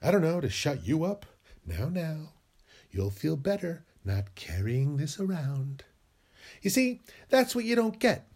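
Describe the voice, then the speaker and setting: Male podcast host, comic self-argument in two voices, unhurried, sing-song, slightly high pitch. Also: very animated, darkish tone, slightly rough. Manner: bickers with himself in two voices.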